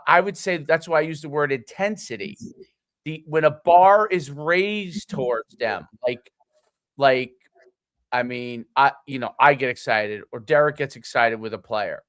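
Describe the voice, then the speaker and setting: A man co-hosting a podcast, speaking haltingly and searching for words with many restarts. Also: a little high, a bit bright, dry recording. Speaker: podcast co-host. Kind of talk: casual podcast conversation.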